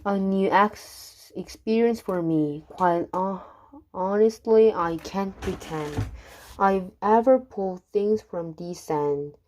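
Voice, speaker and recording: A woman's voice: mid-range voice, takes it slowly, darkish tone, lightly acted. A woman reading aloud as a gleeful, greedy male dentist who talks in a cheerful, pompous way.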